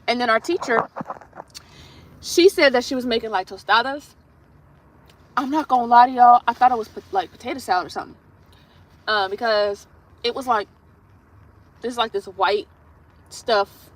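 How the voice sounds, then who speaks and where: A woman hosting a nail livestream, streaming while she does her nails, tells a blunt, profane story in a casual storytelling style. Her voice is on the high side at a moderate pace with frequent pauses, and the recording is rough.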